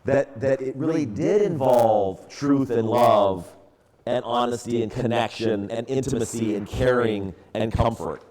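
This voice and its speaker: A man in his sixties from the San Francisco area gives a relaxed, storytelling church talk, full of casual fillers. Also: medium pitch, a little slow. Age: 60s. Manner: relaxed, conversational, many fillers. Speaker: church ministry speaker.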